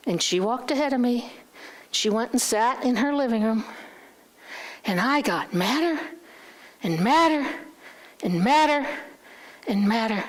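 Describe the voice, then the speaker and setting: A middle-aged woman speaking at a church, telling a candid personal story and acting out the dialogue. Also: on the high side. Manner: candid, animated, acts out dialogue.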